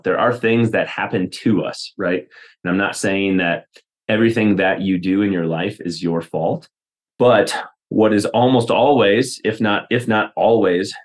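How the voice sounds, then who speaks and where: A man with a deep, low-pitched voice talks through a solo podcast episode. He speaks casually and loosely, with frequent fillers, restarts and asides as he works through his thoughts. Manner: rambling, many fillers and restarts. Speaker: podcast host.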